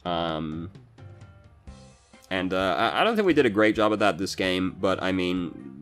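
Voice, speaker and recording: Low-voiced man in casual game commentary. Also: sing-song, a little slow, fairly bright tone, faint music behind. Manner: swears casually and vents frustration. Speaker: gaming coach reviewing a match.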